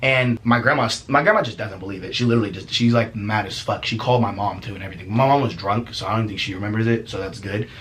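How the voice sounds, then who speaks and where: A young man casually telling a story as a vlogger, profane and animated, laughing often. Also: fairly low pitch, fast, few pauses, slight background noise.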